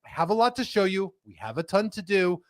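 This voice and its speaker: A high-pitched man hosts a live show from a studio, hyped and jokey. His volume swings from loud calls to quiet asides. The sound is dry and close. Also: sing-song, fairly quick, dry recording. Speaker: host.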